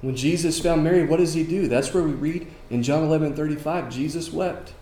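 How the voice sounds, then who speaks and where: A man preaching a sermon, moving between emphatic lines and quiet ones and asking rhetorical questions. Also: fairly high pitch, brisk, slight background noise. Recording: echoey room with faint ambience.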